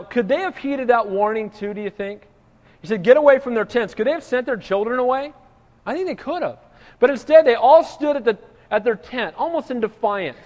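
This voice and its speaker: A man with a high voice preaches a sermon, reading scripture aloud and then explaining it. He speaks earnestly and addresses the congregation directly. His voice carries a long reverb, as if he were in a large hall. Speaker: pastor.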